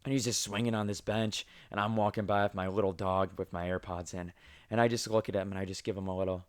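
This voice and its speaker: A young man in his twenties hosts a casual podcast, telling rambling stories about his day. He swears freely and mocks himself. His voice sits fairly low. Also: steady tone, fast, smooth. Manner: crude, self-mocking, swears freely. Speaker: podcast host. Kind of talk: casual storytelling chat.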